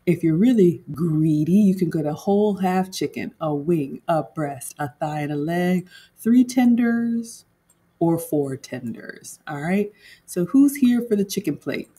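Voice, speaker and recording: Husky mellow-voiced woman chatting to viewers. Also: fairly low pitch. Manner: chatty, talks straight to viewers, laughs often. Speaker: home cook vlogger reviewing food. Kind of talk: casual livestream chat.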